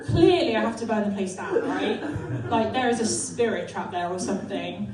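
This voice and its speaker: A woman's voice: mid-range voice, moderate pace, distant mic, very noisy. A young woman from North Devon doing a stand-up set, dry and self-deprecating, swearing casually. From North Devon, England. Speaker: stand-up comedian. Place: comedy club. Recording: echoey club from afar.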